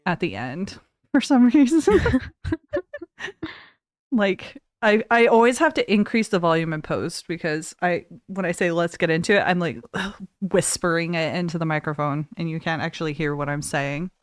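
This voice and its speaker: A woman hosting a casual podcast, chatty and quick to laugh, her voice trailing off softly at times. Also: lowish voice, no room sound, studio quality. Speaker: podcast host.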